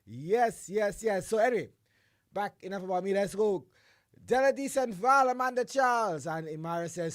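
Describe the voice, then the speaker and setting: A man hosting a radio show, his voice hoarse from the flu, loudly calling out greetings and shout-outs and then settling into quieter chat. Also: sits high, expressive, fairly quick, no room sound, clean studio sound. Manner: exuberant, shouts greetings, drops into a quieter voice between. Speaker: radio host.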